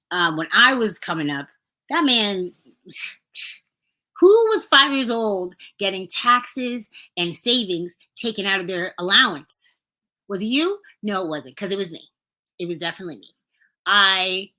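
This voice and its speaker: A young woman hosting a podcast, telling childhood stories in a casual, animated way, laughing and acting out quotes. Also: mid-range voice. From Brooklyn, New York. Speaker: podcast host. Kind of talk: casual storytelling.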